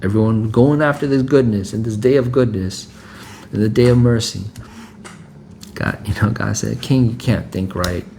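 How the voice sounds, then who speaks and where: A man's voice: medium pitch, fairly even intonation, moderate pace, vocal fry, long pauses, dark tone, a little hiss or hum. A man preaching informally, reading scripture and then explaining it in a conversational way that keeps checking in with "right?" and repeats his phrases.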